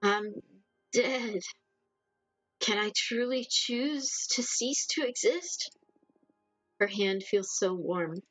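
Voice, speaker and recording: A woman voicing a fragile, lost female ghost in a game, reading slowly and quietly. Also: mid-range voice, no echo, soft background music, low-quality recording. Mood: melancholy. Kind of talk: reading game dialogue aloud.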